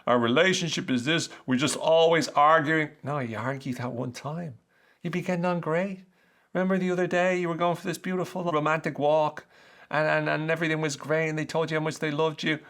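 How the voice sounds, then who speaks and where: A man hosting an educational podcast, explaining ideas in a conversational, animated way with rhetorical questions. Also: low-pitched. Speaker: podcast host.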